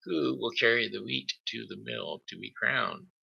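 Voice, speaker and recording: A man voicing a hardworking little mother hen who calls out briskly in a raised voice. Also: vocal fry, bright, forceful tone, breathy edge, no echo, lo-fi sound, heavily acted. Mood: brisk calling. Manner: high calling voice.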